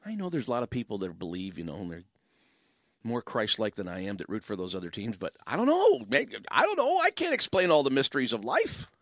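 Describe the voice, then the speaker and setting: A man's voice: mid-range voice, huge pitch swings, fairly quick, a bit bright, dry recording, clean studio sound. A Canadian man hosting a call-in talk radio show as a pastor, chatting in a joking, rambling way with lots of asides.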